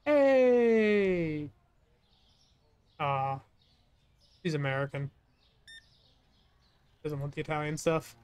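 A woman's voice: sits low, little pitch movement, a little slow, long pauses. A woman streamer giving casual let's-play commentary, cracking jokes and talking to the customers in the game. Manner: joking, chatty asides to game customers. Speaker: gaming streamer.

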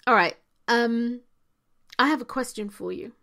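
Woman, motivational monologue, fairly high voice, unhurried, emphatic repetition. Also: creaky, a bit bright. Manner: emphatic, repeats key phrases, drops to near-whispers. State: hiccuping. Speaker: spiritual coach.

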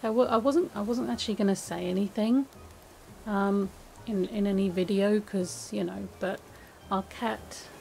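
A woman chatting casually while playing a game, with many restarts and a soft, hesitant way of talking. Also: mid-range voice, steady tone, moderate pace, gravelly, a little hiss or hum, rough recording. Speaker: gaming video creator. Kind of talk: casual gameplay commentary.

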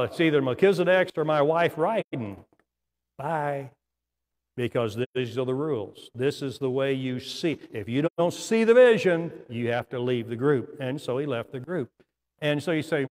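A man's voice: mid-range voice, in a large hall. An older man, a pastor, preaching a sermon in folksy storytelling style with asides and laughs. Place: church sanctuary.

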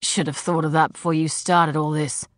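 A woman's voice: low-pitched, level tone, moderate pace, no room sound, lightly acted. Woman voicing a curt, dry male partner. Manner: curt, dry and matter-of-fact. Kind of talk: audiobook character voice.

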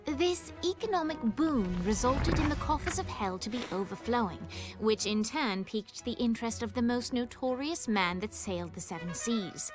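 A woman narrating a game cutscene in a measured, wry storytelling manner. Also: fairly high pitch, lightly acted.

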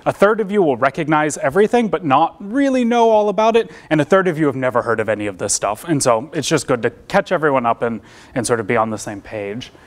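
American man, young adult, relaxed seminar talk, lots of ums and restarts, lecture room. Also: fairly high pitch, fast. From United States. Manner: casual, self-deprecating, many fillers and restarts. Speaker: seminar presenter.

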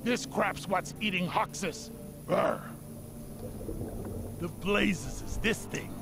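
An actor voicing a gruff, rowdy male dwarf miner in a video game, with gravelly shouted battle cries. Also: high voice, slow. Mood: grumbling. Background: game music.

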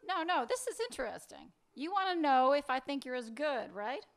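A biting, sarcastic wife with a high, sharp voice, as a male author reads her lines. She presses hard and mocks, cutting through every dodge in this dialogue from a literary reading. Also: sing-song, moderate pace, vocal fry, full character voice. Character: sharp-tongued woman, wife, bitter and sarcastic. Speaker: fiction author reading aloud.

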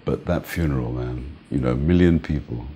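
An older man interviewed as a music manager, telling relaxed stories and often laughing and saying "man". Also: a bass voice, a little fast, husky. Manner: relaxed, reminiscing, often says "man", laughs between points. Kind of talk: casual storytelling interview.

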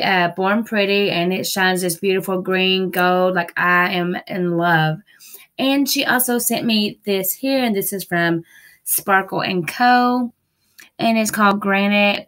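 A woman of medium pitch and a somewhat bright tone films a relaxed nail-product haul at home. Amid the noise of TVs and dogs, she gushes repeatedly and fills gaps with casual fillers.

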